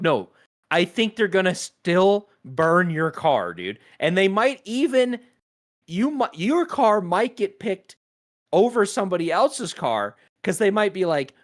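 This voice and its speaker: Animated, profane male podcast ranter. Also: sits high, a little slow. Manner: profane, animated, laughing often. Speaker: podcast co-host. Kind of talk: casual podcast rant.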